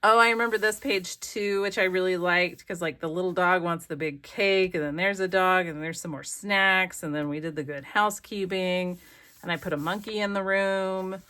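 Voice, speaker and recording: A woman's voice: on the low side, normal speed, bright, forceful tone, clean tone. A woman craft vlogger chatting casually as she flips through her pages, rambling and gushing over favorites. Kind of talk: casual flip-through commentary. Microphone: desk camera.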